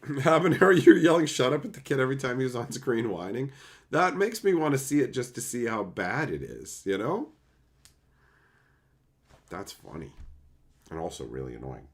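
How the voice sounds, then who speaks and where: A man chatting casually on a livestream and answering chat, animated and swearing freely in loose run-on asides. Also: mid-range voice, normal speed, pauses often. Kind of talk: casual live-stream chat.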